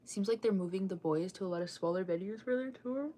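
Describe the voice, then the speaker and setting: A woman's voice: mid-range voice, fast talker, mellow, slight background noise. A young woman hosting a casual fan news chat, rambling with lots of fillers and restarts while she keeps yawning and sighing.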